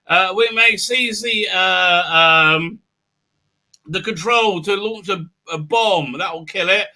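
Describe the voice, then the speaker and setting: A man's voice: sits high, slow pace, bright, forceful tone. A man hosting a livestream who recaps a show casually, rambling with many fillers and jumping into silly voices. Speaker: host of a fan commentary livestream. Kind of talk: casual recap with mocking impressions.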